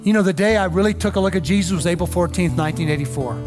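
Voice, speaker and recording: A man's voice: sits high, rapid-fire, music in the background. A middle-aged male pastor preaching a sermon, telling a story earnestly and building it to emotional peaks. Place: church.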